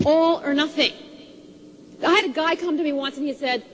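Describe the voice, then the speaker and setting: A woman's voice: high-pitched, fast. A woman relationship speaker giving a motivational seminar talk, telling stories animatedly and acting out quotes. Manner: animated storytelling, acts out quotes. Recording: reverberant hall, faint ambience.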